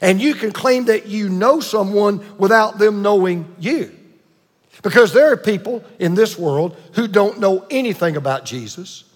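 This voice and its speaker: A man in his sixties preaching a sermon as a pastor, emphatic, with dramatic pauses and asides to the congregation. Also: sits high, big-room sound.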